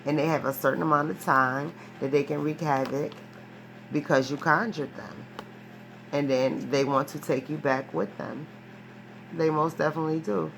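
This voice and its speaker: A woman's voice: deep voice, normal speed, creaky, slight background noise. A woman giving a casual, rambling tarot reading. She talks emphatically, restarts often, swears freely and keeps checking in with a questioning "right?". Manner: rambling and profane, ends phrases with a questioning "right?"; animated, emphatic storytelling with frequent restarts. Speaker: tarot reader.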